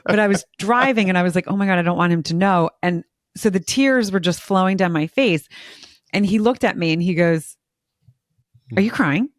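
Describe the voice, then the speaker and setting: A woman's voice: fairly low pitch, moderate pace, no room sound, studio quality. A woman in her forties, a mother and podcast co-host, chatting in an open, emotional way and laughing often. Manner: talkative, expressive, laughs often. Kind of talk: casual emotional chat.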